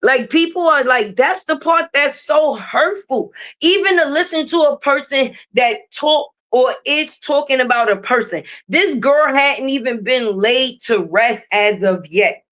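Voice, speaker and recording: A young adult woman rants on a livestream. She talks in a profane, confrontational, animated way. Her voice sits high. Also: a little slow, few pauses. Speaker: streamer. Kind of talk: livestream rant. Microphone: streaming mic.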